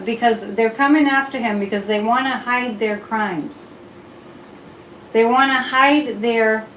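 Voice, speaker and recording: A woman's voice: fairly high pitch, echoey room, slight background noise, low-quality recording. A woman hosting a casual psychic live stream, chatting freely, reading viewer comments aloud and drifting off topic as she reads tarot cards. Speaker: psychic livestream host.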